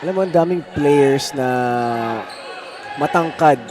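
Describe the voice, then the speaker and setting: A man's voice: a little high, measured pace. A man with a Filipino accent giving live analysis of a basketball game, mixing English and Filipino. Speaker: color commentator. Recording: noisy arena broadcast.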